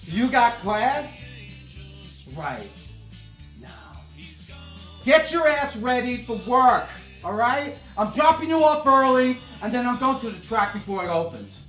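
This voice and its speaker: A man's voice: extremely high pitch, sing-song, unhurried, a bit bright, full character voice. An actor playing a brash, foul-mouthed man in a film scene. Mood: bossy. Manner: brash and profane. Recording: distant roomy film audio with music.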